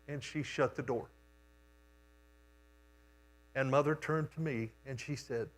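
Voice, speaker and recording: Older male preacher, homespun storyteller, leisurely pace. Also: mid-range voice. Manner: unhurried, homespun storytelling with pauses. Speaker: guest preacher. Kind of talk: storytelling sermon. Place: church sanctuary.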